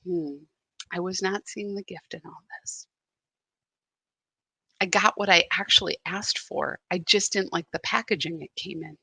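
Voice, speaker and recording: Bright-voiced woman spiritual guide. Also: on the low side, steady tone, a little slow, vocal fry, long pauses, husky, no room sound. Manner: candid storytelling turning reflective. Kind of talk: live meditation talk.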